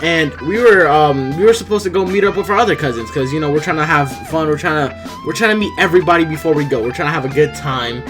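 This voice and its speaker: A young man casually telling a storytime vlog, rambling and profane, with lots of restarts and animated bursts. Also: on the high side, quick pace, music in the background. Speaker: storyteller vlogger.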